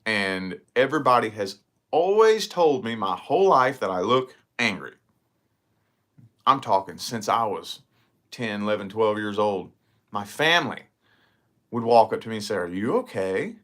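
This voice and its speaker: A vlogger talks casually to his camera in a fairly low voice at a moderate pace, pausing often. He rambles and swears his way through animated stories.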